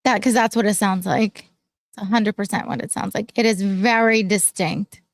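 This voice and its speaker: A woman co-hosting a casual live-stream show, gossiping and teasing her co-host with quick retorts. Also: mid-range voice, steady tone, dry recording. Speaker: podcast co-host.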